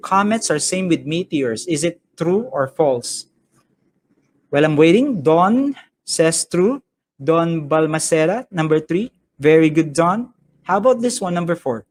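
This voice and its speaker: A Filipino man with a fairly high voice teaches a science class over a live stream. He sounds upbeat and chatty, greeting viewers by name and slipping Tagalog into his English. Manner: upbeat, reads viewer comments aloud, mixes English with Tagalog. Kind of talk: live-streamed online lesson.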